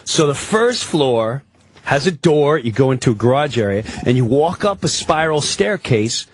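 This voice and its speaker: A man telling a rambling, excitable story as a guest on a talk-radio show, acting out the people in it. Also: mid-range voice, moderate pace, slightly rough.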